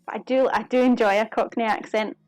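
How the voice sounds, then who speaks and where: This British woman's fairly high, darkish voice moves briskly with fairly even intonation as she cooks live in her home kitchen. She chats and giggles with viewers while working, recorded close and dry with no echo and soft music playing.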